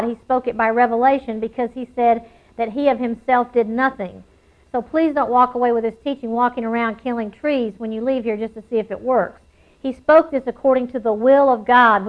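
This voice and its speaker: A woman preaching a sermon, emphatic, slowing down and repeating key phrases for weight. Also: high-pitched, dull audio.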